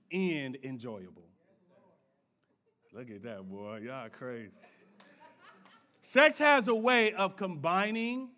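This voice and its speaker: Male preacher, high and bright, playful, bantering with the crowd. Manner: playful, call-and-response preaching with slang asides. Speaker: pastor. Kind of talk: sermon.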